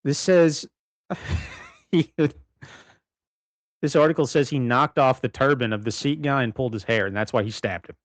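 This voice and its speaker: A man's voice: mid-range voice, moderate pace, pauses often, no room sound. A man co-hosting a casual livestream from his bedroom, rambling with many restarts and frequent laughs. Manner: rambling, self-correcting, laughs often. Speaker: livestream co-host.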